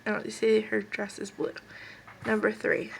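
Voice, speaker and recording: A woman's voice: mid-range voice, completely flat delivery, moderate pace, creaky, slight background noise, poor audio. A woman with a stuffed-up, sniffly nose giving a casual pick-a-card tarot reading at home, chatting and rambling straight to her viewers. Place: at home with kids and a puppy nearby.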